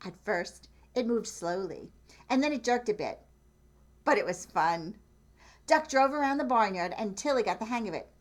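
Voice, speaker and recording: A woman's voice: mid-range voice, expressive, moderate pace. A woman reading a picture book aloud, often chuckling and pointing out the pictures. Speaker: storyteller.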